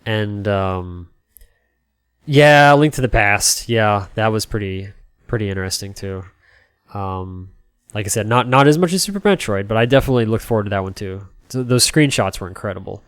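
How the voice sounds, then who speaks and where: A man's voice: lowish voice, animated, normal speed, a bit bright, smooth, no echo, clean studio sound. A man in his thirties, a game streamer, telling a casual story that rambles with plenty of "you know" and "like". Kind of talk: casual storytelling while playing.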